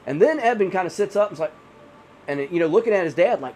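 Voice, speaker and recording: A man's voice: sits high, lively intonation, fast talker, a little mellow, soft background music. A man telling a horror story in a casual, rambling way, full of "you know" fillers. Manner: rambling, many 'you know' fillers.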